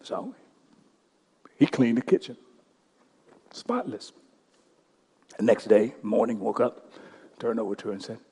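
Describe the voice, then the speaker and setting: A male pastor telling a story during a sermon, impassioned, swinging between loud bursts and hushed passages. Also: mid-range voice, breathy edge.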